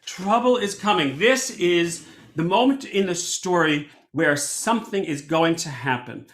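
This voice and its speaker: An animated male cantor leads a storytelling lesson in a lively, conversational way, his voice high and bright. He often backs up and restarts mid-sentence. The sound is roomy, with a clear echo around him. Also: unhurried. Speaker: cantor teaching a storytelling workshop. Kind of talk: workshop lesson. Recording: echoey room.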